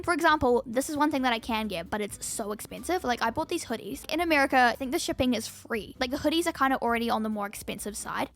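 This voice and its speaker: A teenage girl from New Zealand with a New Zealand accent, talking straight to camera in a casual vlog. Her voice sits a little high, and she chats in a lively way, full of "like" fillers. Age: teens. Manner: lively, chatty, many "like" fillers. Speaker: vlogger.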